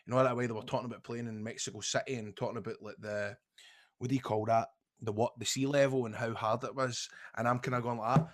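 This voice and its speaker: A man's voice: mid-range voice, fairly even intonation, fast talker, dry recording, clean studio sound. Scottish man telling laughing stories. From Scotland. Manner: laughs through anecdotes. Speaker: guest. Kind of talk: casual podcast chat.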